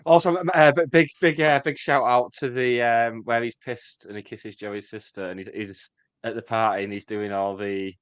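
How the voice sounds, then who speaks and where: A man's voice: mid-range voice, steady tone, moderate pace, clear, resonant tone, no echo, lo-fi sound. A podcast co-host in a middle register who bursts in to share his favourite scenes. The sound is dry and close, with no room around him. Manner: enthusiastic, jumps in with favourite bits. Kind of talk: casual chat.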